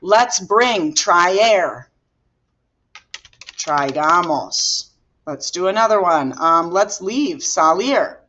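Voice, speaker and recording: Woman teacher, unhurried and patient, walking students through grammar, muffled lo-fi recording. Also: fairly low pitch, expressive, a bit bright. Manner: patient, explaining step by step while writing. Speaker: Spanish teacher. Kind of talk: recorded classroom grammar lesson.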